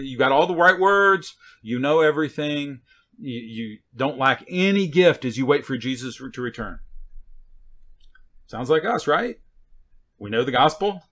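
A man's voice: mid-range voice, fairly bright tone. Conversational man preaching a sermon. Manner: conversational, sarcastic asides, frequent "right?" and "okay?".

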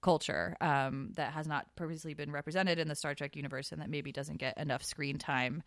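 A woman co-hosting a podcast, chatting casually and animatedly, with quick asides and laughs. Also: sits low, steady tone, no room sound. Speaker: podcast co-host. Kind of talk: casual chat.

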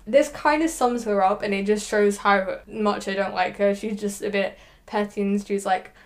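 A young woman hosts her own podcast in a relaxed, chatty way. She talks loosely, full of little fillers, and stops now and then to recite a line she likes. Her voice sits at an ordinary middle pitch. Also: moderate pace, hardly any pauses. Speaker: podcast host. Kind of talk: casual podcast chat.

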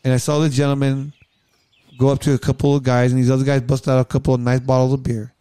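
A man's voice: medium pitch, level tone, quick pace, dark tone, clear, resonant tone, no echo. A middle-aged man chatting casually as a podcast co-host, telling rambling stories with many restarts. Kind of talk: casual chat.

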